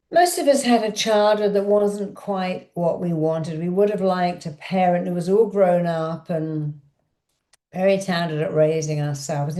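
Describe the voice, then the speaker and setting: A woman's voice: on the low side, dark tone, roomy sound. A woman leading a guided affirmation exercise as a self-help coach, giving emphatic, repetitive, coaxing instructions.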